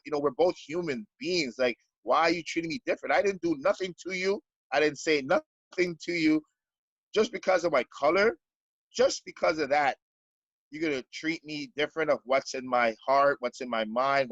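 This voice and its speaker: A man's voice: fairly high pitch, moderate pace, fairly bright tone, no room sound, muffled recording. A Canadian basketball coach in a podcast interview, speaking earnestly and stumbling over repeated words as he searches for them.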